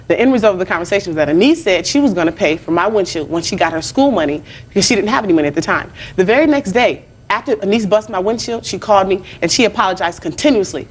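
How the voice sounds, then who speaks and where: Rapid, slightly low young woman; rambling, filler-heavy courtroom testimony. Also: husky. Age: 20s. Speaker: plaintiff.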